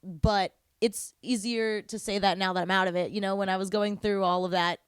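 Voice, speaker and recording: A woman's voice: mid-range voice, moderate pace, clean tone, no room sound, studio quality. A woman, a band's lead singer, chatting in an interview and telling stories with frequent laughs. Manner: chatty, laughs often, lively storytelling. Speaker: band vocalist guest. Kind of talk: casual interview chat.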